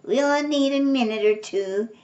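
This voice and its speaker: An older woman reading aloud, voicing an eager, literal-minded young housekeeper in a bright, earnest tone. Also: fairly high pitch, measured pace, lo-fi sound, voice pushed up, natural voice.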